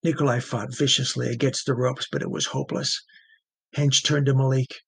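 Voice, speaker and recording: A man giving steady, measured audiobook narration of a thriller. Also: medium pitch, gravelly, breathy edge, no echo.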